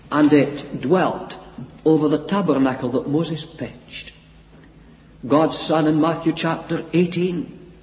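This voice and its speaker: A man preaching a sermon, his delivery swinging widely in pitch and loudness. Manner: expressive preaching with wide swings in pitch and volume. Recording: echoey hall, dull lo-fi sound.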